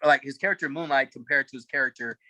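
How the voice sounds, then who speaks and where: A man's voice: medium pitch, very fast, bright, forceful tone, slight background noise, poor audio. A man co-hosting a casual TV show chat, rambling and hesitant, full of fillers and restarts. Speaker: podcast co-host.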